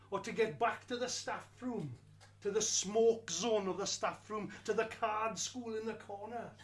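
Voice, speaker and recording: Slow, wry storyteller man. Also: sits high, a little hiss or hum. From Wales. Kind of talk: first-person storytelling performance.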